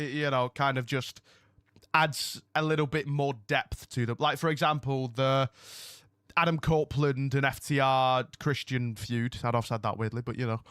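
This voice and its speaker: A man's voice: medium pitch, fairly bright tone, dry recording, studio quality. A man hosting a live wrestling watch-along from home, chatting casually with his viewers and often losing his train of thought. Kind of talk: casual live-stream chat. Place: home room.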